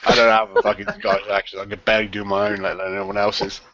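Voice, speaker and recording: A man's voice: fairly low pitch, completely flat delivery, racing, a bit bright. Male guest, swears freely, punchy delivery, lo-fi call sound. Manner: blunt, swears a lot, crude humour. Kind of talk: casual group chat.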